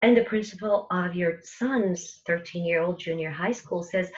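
A woman's voice: fairly low pitch, moderate pace, a little mellow, highs cut off. A woman who runs an internet radio station, telling a vivid, dramatic story to an audience with repeated phrases. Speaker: internet radio station host giving a talk.

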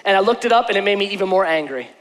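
A man preaching a sermon as pastor from a church stage, emphatic and repeating his phrases, dropping soft and then rising to a shout. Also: high voice, expressive, racing. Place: church stage before a congregation. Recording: echoey church hall.

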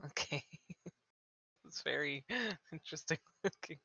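A player in a casual tabletop game, giggly and unhurried. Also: mid-range voice, expressive, vocal fry, sharp tone, husky, lo-fi sound.

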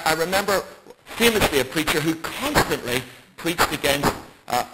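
A man preaching a bible study sermon in an emphatic way, with rhetorical questions. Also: a little high. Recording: loud background noise.

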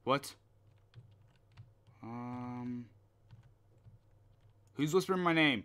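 A young man talks his way through a horror game at an unhurried, drawn-out pace, mostly muttering to himself. His voice has a bright, sharp edge, and he swears and yelps when something startles him. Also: medium pitch, expressive, smooth. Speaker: gameplay commentator. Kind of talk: horror game let's play commentary.

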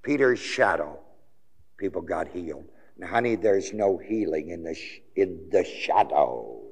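Slow preacher, hall reverb. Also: male voice, animated, darkish tone, breathy edge. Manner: call-and-response questions, swinging between low murmurs and high ringing exclamations. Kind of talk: sermon.

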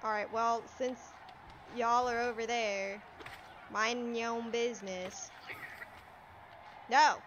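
A woman giving live commentary over her gameplay, excitable, yelping and talking back to the enemies on screen. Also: a little high, slow pace, long pauses, dull audio, slight background noise. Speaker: let's play streamer.

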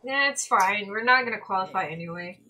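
Casual giggly woman gamer, swoops up and down, bright tone. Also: mid-range voice, expressive, fairly quick. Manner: giggly, exclaiming at the game. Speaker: streamer. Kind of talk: casual gaming chat.

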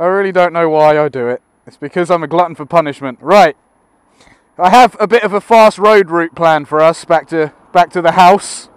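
A man's voice: sits high, clean tone, no room sound. A man riding a motorcycle and talking through a helmet mic in a casual, crude and joking way, often chuckling. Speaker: motovlogger. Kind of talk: casual rambling vlog commentary. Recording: loud wind and road noise.

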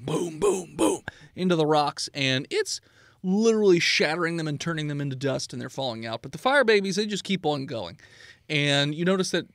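Animated, lively-pitched game master. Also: male voice, no room sound. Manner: animated, hesitant with fillers, shouts NPC lines. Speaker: dungeon master. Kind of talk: narrating a tabletop game.

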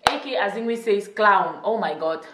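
A woman's voice: medium pitch, normal speed, far from the mic, background noise. Chatty young woman vlogging in echoey room. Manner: chatty, laughs often, teasing. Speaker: YouTuber. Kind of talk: casual vlog chat.

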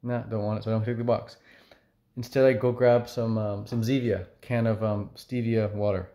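A man's voice: fairly low pitch, flat delivery, moderate pace, warm tone. A man vlogging casually to camera, chatty and upbeat, with frequent fillers. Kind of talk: casual talking-to-camera vlog.

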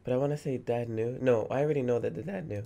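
A man's voice: mid-range voice, quick pace, gravelly, mellow, dull audio. A man in his twenties giving let's play commentary, emphatic and indignant, often repeating words for effect. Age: 20s. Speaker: gamer.

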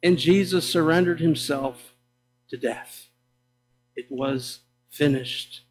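Slow, high-voiced man preaching. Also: rough recording. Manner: dramatic pauses and emphatic declarations; swings between loud proclaiming and hushed low delivery. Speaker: pastor. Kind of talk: sermon. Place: church sanctuary.

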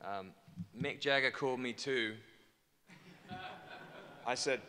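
English man pitching to a conference hall. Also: slow pace, pauses often, sharp tone. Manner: joking, persuasive, repeats his pitch with emphasis. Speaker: conference speaker. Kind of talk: keynote speech to a conference audience. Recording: long hall reverb.

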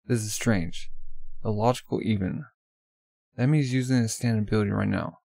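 A wary fugitive in a comic reasons aloud about a hidden enemy, as a man reads him. The voice is gravelly and the recording is dry and close. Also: on the low side, brisk, a little mellow, no room sound.

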